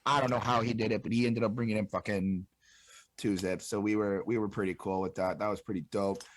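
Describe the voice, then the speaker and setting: A man's voice: fairly low pitch, steady tone, a little fast, dry recording. A young man from Montreal's South Shore, telling a rambling, profane party story as an interview guest. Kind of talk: casual storytelling.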